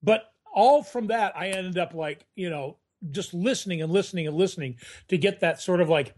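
A man's voice: sits high, moderate pace, hardly any pauses. A middle-aged man, a guest actor, telling stories in a casual podcast chat and slipping into voices as he goes. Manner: animated storyteller, doing voices in anecdotes.

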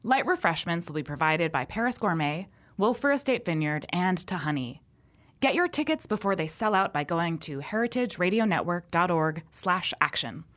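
A woman's voice: fairly low pitch, sing-song, moderate pace, a bit bright. A woman co-hosting a radio show in a studio, playful and enthusiastic as she reads announcements. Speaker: radio program manager and co-host. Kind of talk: casual studio chat, reading announcements. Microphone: studio microphone.

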